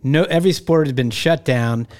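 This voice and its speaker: A man's voice: mid-range voice, moderate pace, darkish tone. A man hosting an interview, asking questions in a conversational, rambling way. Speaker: interview host. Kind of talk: interview chat.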